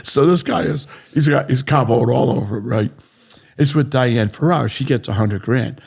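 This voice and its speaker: A man with a New England accent, a real estate developer telling animated stories in a podcast interview and acting out the lines of the people in them. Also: medium pitch, normal speed, gravelly, husky.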